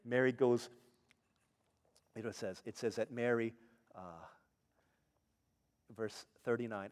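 A middle-aged male pastor preaching a sermon, telling stories in an animated way and acting out the people in them. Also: mid-range voice, takes it slowly, pauses often, long reverb tail. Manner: animated storytelling, acts out characters.

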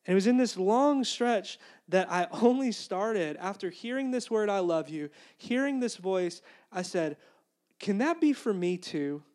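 High-voiced earnest male pastor preaching. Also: lively intonation, unhurried, few pauses, darkish tone. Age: young adult. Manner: conversational and earnest, acting out inner voices. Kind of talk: sermon.

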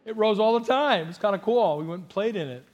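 A man's voice: sits high, lively intonation, a little fast. A man from Southern California preaching as a pastor, earnest and emphatic, acting out quotes as he goes. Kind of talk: sermon.

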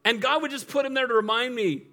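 A middle-aged man preaches at a quick pace, his very high voice sounding pushed and bright. He's humorous and conversational from the pulpit, frequently laughing and asking the congregation for an amen.

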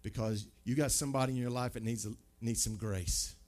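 A man's voice: medium pitch, steady tone, a little fast, a little mellow. A male pastor preaching a sermon in a conversational way, asking the listeners questions and often stumbling over and repeating his words.

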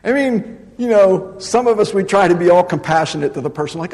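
Emphatic high-voiced male preacher. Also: moderate pace, in a large hall. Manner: emphatic, repeats phrases, swings from loud to soft; reads scripture then explains it with humor. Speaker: pastor. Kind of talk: sermon.

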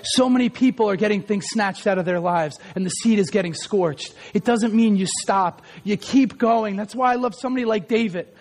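A man preaching a passionate sermon, moving from shouted prayer to low, close talk to the congregation. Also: normal speed, hardly any pauses. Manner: impassioned, swinging from fervent shouted prayer to low intimate talk. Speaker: pastor.

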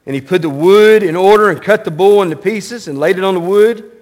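A male pastor preaching a sermon, reading scripture and explaining it conversationally, swinging from loud and high to low and quiet. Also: brisk. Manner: animated, rising loud and high when mocking, dropping low and quiet on solemn lines; reads scripture aloud, then explains it conversationally.

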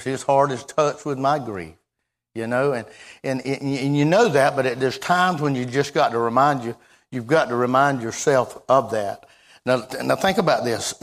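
A man preaching a sermon in a folksy, halting way, repeating himself and then breaking into sudden loud exclamations. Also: mid-range voice.

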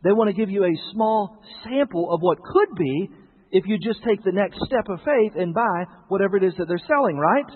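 Husky, high-voiced preaching man. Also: normal speed, big-room sound, narrow, tinny audio. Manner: animated storytelling preacher, jokes with the congregation. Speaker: pastor. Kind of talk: sermon.

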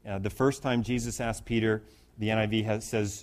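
Guy preaching verse by verse, casual and halting, gets louder and higher when he stresses a point. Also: fairly even intonation. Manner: conversational, with filler restarts and rising emphasis. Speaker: pastor. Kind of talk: expository sermon.

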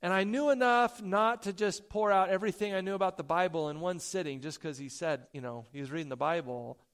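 A man preaching a sermon, telling a personal story with loud emphasis, soft asides and stammered repeats. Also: high voice, fairly quick, smooth. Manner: stammers and repeats words when excited. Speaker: pastor.

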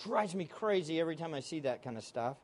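Emphatic woman preacher, lively pitch. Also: fast talker. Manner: emphatic, asks the audience questions and answers them herself. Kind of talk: sermon.

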